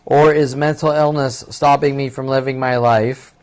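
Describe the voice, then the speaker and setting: A man's voice: medium pitch, steady tone, normal speed, a little mellow. Agitated, profane man in his fifties. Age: 50s. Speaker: vlogger. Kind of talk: rambling monologue.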